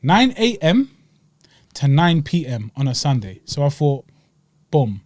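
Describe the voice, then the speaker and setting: Young London man telling a lively story. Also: fairly high pitch, a little slow, no room sound. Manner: animated storytelling with slang and acted-out quotes. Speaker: podcast co-host. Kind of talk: casual chat.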